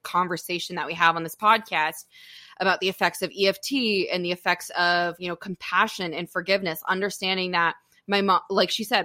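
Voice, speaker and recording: Bright-voiced young woman hosting a podcast. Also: lowish voice, no echo, clean studio sound. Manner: open, animated storytelling with frequent laughter. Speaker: podcast host. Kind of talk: candid casual podcast chat.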